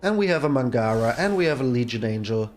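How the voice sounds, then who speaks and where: A man's voice: mid-range voice, lively intonation, fast talker, soft background music. A man hosting his own gaming channel, giving casual gameplay commentary and exclaiming in exasperation at his bad luck.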